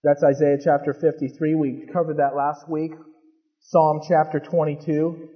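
A pastor preaching a sermon, moving from calm scripture teaching to fervent, emphatic preaching. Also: male voice, a little high, moderate pace. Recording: dull lo-fi recording with long hall reverb.

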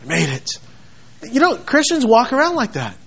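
A male preacher delivers a fervent sermon in a strikingly high voice. He repeats words for emphasis and slips into acted voices for scripture. The recording sounds dull and lo-fi. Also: huge pitch swings, normal speed, vocal fry, a bit bright, slightly rough. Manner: passionate, repetitive, quotes scripture in acted voices.

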